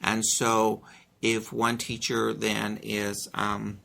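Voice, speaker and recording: A man who is an elementary school principal, answering interview questions earnestly, with many pauses and restarts as he explains his school. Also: on the low side, completely flat delivery, creaky, pushed and bright, slight background noise.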